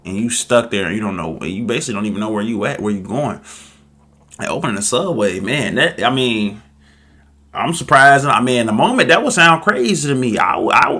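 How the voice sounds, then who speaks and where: A man from Chicago hosting a reaction video, chatting casually with slang and animated asides. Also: mid-range voice, fairly quick. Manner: animated, slangy, talks straight to viewers.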